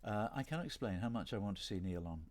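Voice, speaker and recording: A man's voice: lowish voice, expressive, fast, darkish tone. A middle-aged man from Britain chatting casually on a livestream signing session, rambling and self-deprecating with playful asides. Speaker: voice actor hosting a signing stream.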